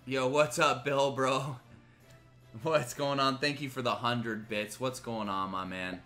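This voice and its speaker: A man streaming a strategy game live, ranting angrily with heavy swearing, swinging between loud outbursts and low muttering. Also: steady tone, slow, faint music behind. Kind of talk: live gaming commentary.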